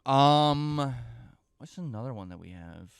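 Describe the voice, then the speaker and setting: A man's voice: medium pitch, expressive, unhurried, vocal fry, clear, resonant tone, dry recording, clean studio sound. A young man telling a story on his podcast, profane and self-mocking, rambling with fillers and restarts. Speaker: podcast host. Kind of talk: casual storytelling monologue.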